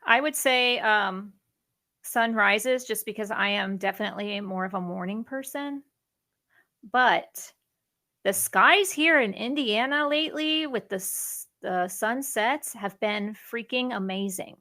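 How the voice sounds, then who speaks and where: A woman in her thirties co-hosting a casual chat show, chatty and animated as she reads out questions. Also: mid-range voice, a little slow. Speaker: podcast co-host.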